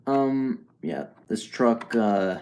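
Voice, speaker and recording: A man chatting casually on a live stream. He talks haltingly, with frequent ums and restarts, and answers chat messages as he goes. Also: mid-range voice, animated, roomy sound, noisy background.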